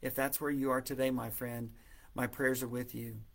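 Earnest male preacher, devotional scripture reading, mid-pitched, soft and pleading at prayers. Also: little pitch movement, normal speed, creaky. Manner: reads scripture aloud, acting out the dialogue. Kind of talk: devotional Bible reading and reflection.

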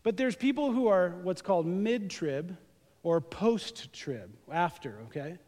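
Pastor guy w a high voice cracking jokes mid-sermon, big echoey church sound. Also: unhurried. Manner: joking, animated, talks to the congregation directly. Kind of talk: lively conversational sermon. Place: church sanctuary during a service. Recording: live church recording with long hall reverb.

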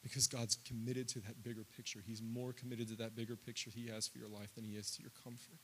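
A man in his thirties preaching a sermon, climbing loud and high through lists and quoted prayers, then dropping low and quiet. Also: little pitch movement, quick pace, a little hiss or hum. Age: 30s. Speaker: pastor.

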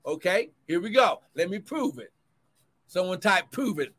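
A man preaching a livestreamed sermon as pastor and prophet, swinging between shouted cries of glory and quick, low asides to viewers. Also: big pitch swings, slightly rough.

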